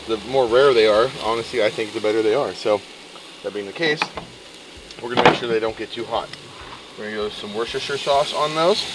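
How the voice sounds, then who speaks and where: A man chatting casually as he cooks outdoors, explaining each step in a relaxed way. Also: on the low side, far from the mic, heavy background noise. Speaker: outdoor cooking vlogger. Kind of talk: casual cooking narration. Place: outdoors at a campsite.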